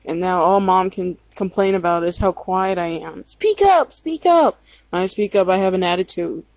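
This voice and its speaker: A woman telling a casual story about her past in a quiet voice, swearing freely and filling pauses with "like" and "um". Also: on the low side, flat delivery, dry recording, low-quality recording. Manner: quiet-spoken, swears freely, frequent fillers.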